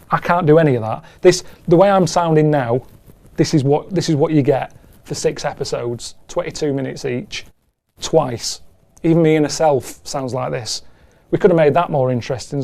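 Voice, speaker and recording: A man talking in a rambling, deadpan and self-deprecating way as an interviewee. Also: medium pitch. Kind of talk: rambling casual chat.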